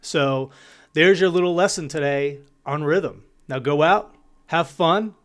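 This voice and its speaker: A man gives a casual video lesson on rhythm, talking in an upbeat, chatty way. His voice sits a little on the high side, and he sounds out beats and counts as he explains. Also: a little slow, a bit bright. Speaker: drum teacher.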